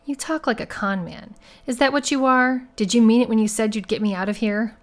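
A woman's voice: medium pitch, moderate pace, lightly acted. A woman voicing Kay, a tired, defensive woman in her forties, in an audiobook reading.

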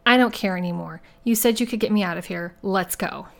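A woman's voice: medium pitch, fairly quick, gravelly, a bit bright. A woman voicing Kay, a tired, defensive woman in her forties, in an audiobook reading.

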